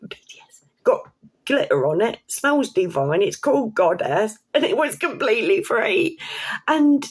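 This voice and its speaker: A woman telling a personal story to camera in a chatty, excitable way, with casual swearing and slang. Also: on the high side. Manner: chatty, excitable, laughs while telling stories. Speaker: vlogger.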